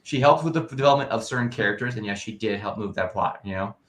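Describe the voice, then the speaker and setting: A man's voice: fairly low pitch, fast talker, a bit bright, roomy sound. A man co-hosting a casual online talk show, rambling through his opinions with many "you know"s. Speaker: podcast co-host. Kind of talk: casual chat.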